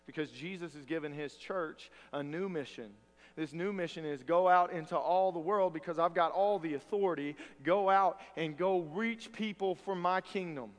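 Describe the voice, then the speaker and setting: A man preaching a sermon as pastor, earnest with wry humor, moving between loud emphasis and quiet asides. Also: a little high, moderate pace. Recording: long hall reverb.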